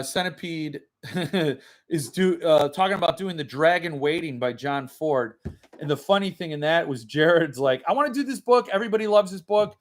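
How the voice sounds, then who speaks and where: A man hosting a book channel, chatting loosely on a livestream from a room at home, rambling and reading viewer comments aloud. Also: fairly high pitch. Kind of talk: casual livestream chat.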